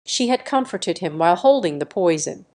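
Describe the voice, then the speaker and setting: A woman reading a dramatic first-person family story as scripted narration, in a steady reading manner. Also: fairly low pitch, normal speed.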